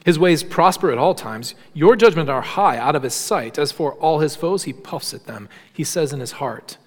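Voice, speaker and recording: A man preaching a sermon in earnest, shifting between quiet low passages and raised emphatic ones, often repeating words as he restarts. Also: animated, normal speed, hardly any pauses. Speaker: pastor. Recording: long hall reverb.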